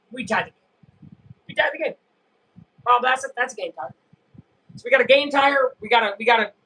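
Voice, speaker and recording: A young man casually chatting and reacting while streaming a live baseball game, rambling and breaking into excited yells. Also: very high voice, poor audio. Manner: rambling, self-interrupting, bursts of excited yelling. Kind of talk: casual live game watch-along chat.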